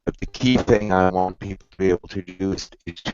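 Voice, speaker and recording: A man's voice: deep voice, fairly even intonation, a little fast, darkish tone, clean tone, no room sound. A man speaking in an online meeting over a weak connection, explaining his points carefully. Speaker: meeting participant. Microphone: video call over weak Wi-Fi. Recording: dull, robotic-sounding call audio.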